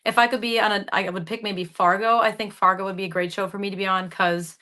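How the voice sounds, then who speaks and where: A woman's voice: medium pitch, fairly even intonation, quick pace, sharp tone. A young woman actress from the Upper Midwest, with a regional accent, chatting animatedly in an interview and laughing often. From Upper Midwest, Michigan. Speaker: actress guest. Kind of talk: casual interview chat.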